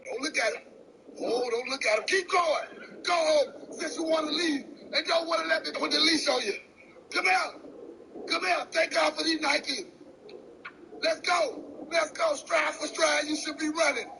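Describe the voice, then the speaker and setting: A man vlogging in a loud, scolding, comedic way, out of breath. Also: extremely high pitch, measured pace, gravelly, noisy background. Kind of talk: casual vlog narration.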